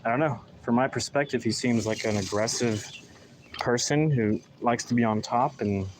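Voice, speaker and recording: A man's voice: mid-range voice, normal speed, a little hiss or hum, poor audio. A man chatting casually in a live vlog while potting plants in a garden, rambling with sarcastic mock enthusiasm, recorded on a phone in his hand. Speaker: gardening vlogger. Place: outdoor garden. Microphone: phone held in hand.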